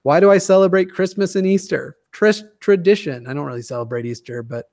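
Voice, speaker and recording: A man's voice: fairly high pitch, fairly quick, crowd noise. A man in his twenties from the Denver area, a guest chatting casually in a profane, joking, rambling way. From Denver area, USA. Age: 20s. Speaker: guest YouTuber. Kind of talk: casual chat.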